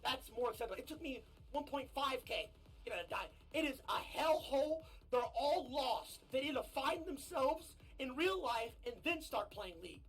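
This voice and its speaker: A man streaming a game, ranting brashly and with a lot of swearing, his voice husky and often breaking into shouts. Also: very high voice, lively intonation, moderate pace, soft background music. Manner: brash, profane, swings into shouting rants. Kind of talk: ranting gaming stream talk.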